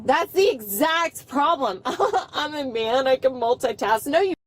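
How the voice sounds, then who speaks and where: A woman being arrested, talking back in a defiant, mocking way and breaking into shouts and laughter, caught by a police body camera in a car. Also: high-pitched, lively intonation, a little slow, no room sound. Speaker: arrested driver. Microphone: officer's body camera.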